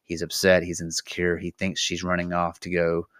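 A man hosting a casual movie discussion, who talks in a playful, rambling, animated way. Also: sits low, normal speed, smooth, dry recording, studio quality. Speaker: podcast host.

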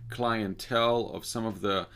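Lingering over each detail, a male speaker and author from Cyprus shares a personal story in a careful, measured manner. His voice is lowish and steady, a bit bright, and smooth.

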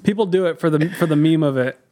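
A man's voice: fairly high pitch, quick pace, mellow. A man co-hosting a podcast in casual chat, a playful storyteller who acts out the people he quotes. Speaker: podcast co-host.

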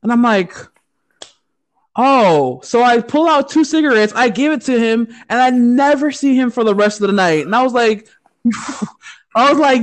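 Woman, podcast co-host, from the US, casual profane storytelling, high voice, very lively pitch. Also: moderate pace. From United States. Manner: profane, laughing, animated storyteller.

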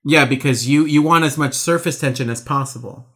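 A woman's voice: very deep voice, brisk, fairly bright tone, husky. A woman co-hosting a podcast, chatting casually with a joking, sassy manner. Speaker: podcast co-host. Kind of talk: casual chat.

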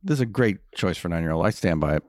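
Male podcast co-host, lively and joking, filler-heavy casual chat, dry close-miked sound. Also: sits low, fast talker, no room sound. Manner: animated, jokey, many fillers.

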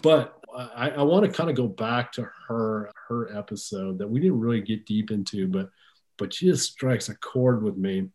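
A man's voice: medium pitch, a little mellow. A man hosting a podcast in casual chat, talking conversationally and often repeating words as he thinks aloud. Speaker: podcast host.

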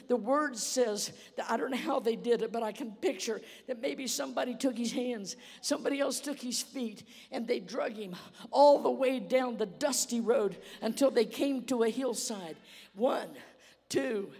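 A woman's voice: a little high, a little mellow, long reverb tail. A woman guest speaker preaching a sermon. She tells a story vividly and uses many "uh" fillers.

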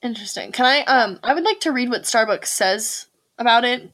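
A woman's voice: fairly high pitch, lively intonation, brisk, fairly bright tone. Giggly young woman co-hosting a chatty podcast. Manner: giggly, chatty, filler-heavy. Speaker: podcast co-host. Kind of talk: casual chat.

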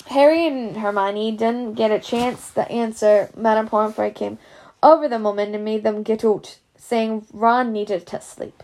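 A woman reads a children's storybook aloud. Her delivery is casual and unpolished, and her voice sits fairly high. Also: steady tone, unhurried, darkish tone. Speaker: reader.

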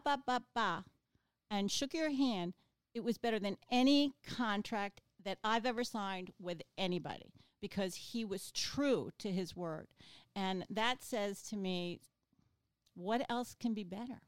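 A woman speaking in a halting, earnest way during an interview. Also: medium pitch, clear, resonant tone, no room sound. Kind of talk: casual interview, tribute.

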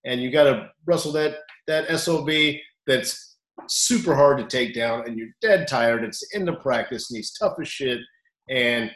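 A man who coaches wrestling tells stories with animated energy, often bursting louder when he acts out what people said. His voice sits at a middle pitch and rings in a roomy echo. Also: moderate pace. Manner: animated storyteller, acts out quotes loudly. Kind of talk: storytelling interview.

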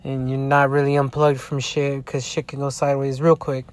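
A man's voice: medium pitch, level tone, normal speed, a little hiss or hum. A tired man in a casual vlog rant, rambling with heavy swearing and frequent restarts. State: tired, yawning. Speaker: sports fan vlogger.

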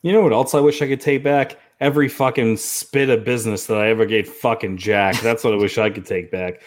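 A man's voice: on the low side, fairly even intonation, brisk. A man hosting a horror podcast in crude, teasing casual banter, swearing freely and laughing often. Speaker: podcast host.

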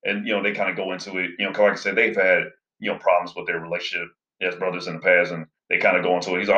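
A man's voice: deep voice, level tone, racing, bright, forceful tone. A man casually recapping a movie plot in a rambling way, full of fillers. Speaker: movie reviewer. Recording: roomy, slightly dull sound.

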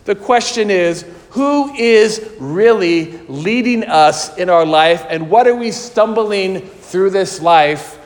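A man's voice: sits high, expressive, in a large hall. A man preaching a sermon in an earnest, questioning way. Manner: slow, earnest, questioning delivery.

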